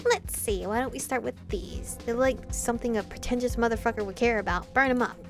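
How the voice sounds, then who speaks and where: Woman reading rough vampire thugs, swaggering taunts. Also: a little high, a little fast, faint music behind, natural voice. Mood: taunting. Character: mocking male vampire thugs, crude and taunting.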